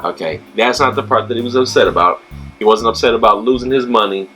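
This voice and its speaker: A man's voice: medium pitch, quick pace, pushed and bright, soft background music, rough recording. A man hosting a casual travel chat, talking loosely with many fillers and restarts. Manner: chatty, filler-heavy, restarts often. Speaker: host.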